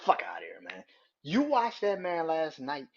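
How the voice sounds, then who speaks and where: A man's voice: fairly high pitch, huge pitch swings, normal speed. A man hosting a wrestling podcast, ranting in a heated, profane, emphatic way. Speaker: podcast host. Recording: dull lo-fi audio.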